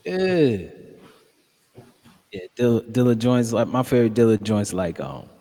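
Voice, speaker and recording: A man's voice: on the low side, fairly quick, mellow. A man chatting casually about hip-hop beats, laid-back and slangy, calling people "bro" and "man".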